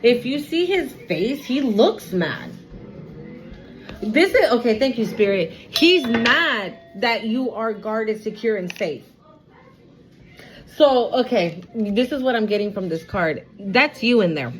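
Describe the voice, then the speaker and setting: A woman with a fairly high voice talks her viewers through a tarot spread at an unhurried pace. She is blunt and emphatic, swears freely, and repeats each warning to drive it home. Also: expressive, rough recording. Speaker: tarot reader. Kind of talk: casual tarot reading to viewers.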